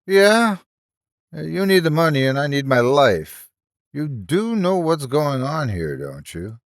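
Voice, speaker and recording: A man's voice: fairly high pitch, sing-song, a little slow, dry recording, studio quality, pitched above the performer's own voice. Man doing an anxious, sarcastic captive doctor. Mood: tense. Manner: urgent, sarcastic, pressing.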